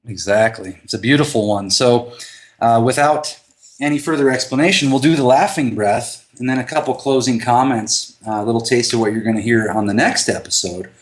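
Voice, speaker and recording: Male podcast co-host, casual and animated, mid-range voice, laughs often. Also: mid-range voice, fairly quick. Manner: animated, laughs often, retells scenes with raised voice. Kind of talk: casual podcast chat leading a laughter exercise.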